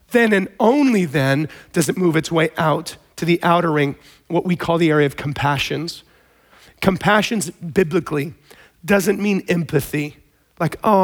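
A man preaching a sermon in a conversational, storytelling way, with animated emphasis. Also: fairly high pitch. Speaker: pastor.

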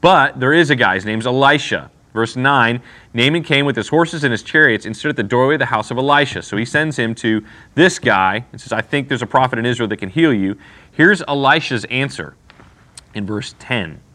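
Bright, punchy male Bible teacher; casual and slangy, keeps asking the class questions. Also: medium pitch, animated, a little fast. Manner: casual, paraphrases scripture in slang.

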